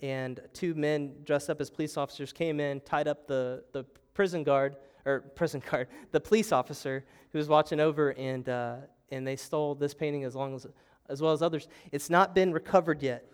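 A man's voice: on the high side, fairly even intonation, normal speed, smooth. A young adult man preaching a sermon as pastor, telling the story with animation and acting out panicked voices. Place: church sanctuary.

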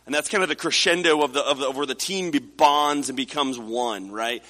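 A man's voice: mid-range voice, fairly quick, hardly any pauses, fairly bright tone. A man in his forties from the United States, a pastor preaching a sermon in a conversational storytelling way with frequent restarts. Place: church sanctuary. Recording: reverberant hall.

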